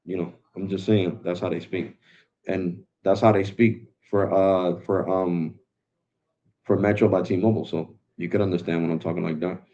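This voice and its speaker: A laid-back man hosts a tech live stream in a relaxed, slangy way, calling his viewers bro. His voice sits low. The sound is dull and lo-fi. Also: normal speed. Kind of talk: casual live stream talk.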